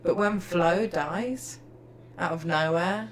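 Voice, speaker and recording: Woman in her thirties, lowish voice, chatty storyteller, faint background noise. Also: slow pace. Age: 30s. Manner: chatty, animated storytelling with laughter. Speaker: podcast co-host. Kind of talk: casual chat.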